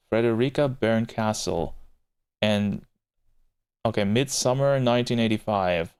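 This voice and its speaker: A man from Germany with a fairly low voice chats his way through a visual novel on a livestream. He rambles to his viewers and reads the game text aloud in his normal voice, his pitch jumping up when something catches him off guard. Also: unhurried, pauses often. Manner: rambling and chatty, answering chat, with excited jumps in pitch. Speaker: streamer.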